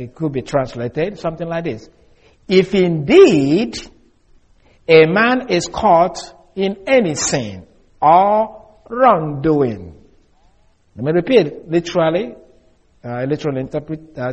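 A man delivers an expository sermon in a careful, deliberate way. His voice sits a bit high and has a husky edge. He slows down to stress key words and restarts now and then. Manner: measured, deliberate, with restarts and slow emphasis. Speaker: preacher. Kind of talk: expository Bible teaching.

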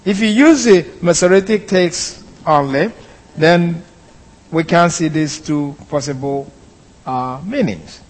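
A man giving a deliberate, explanatory Bible lesson, pausing often as he works through the text. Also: a little high, long reverb tail. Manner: deliberate, explanatory, with pauses and fillers. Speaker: Bible teacher. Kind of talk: slow expository Bible lesson.

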